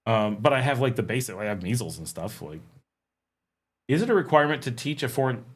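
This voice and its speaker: A man's voice: mid-range voice, sing-song, quick pace, breathy edge. A middle-aged man hosting a casual livestream Q&A, reading viewer questions aloud and answering them with frequent ums. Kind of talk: casual live Q&A chat.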